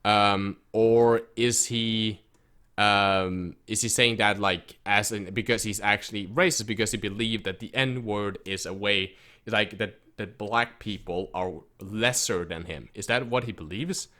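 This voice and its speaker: Guy w a lowish voice ranting about his old team, sharp forceful tone, keeps quoting what people said. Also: steady tone, measured pace. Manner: frustrated, emphatic, quotes others in his retelling. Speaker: esports team coach. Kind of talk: casual storytelling rant to camera.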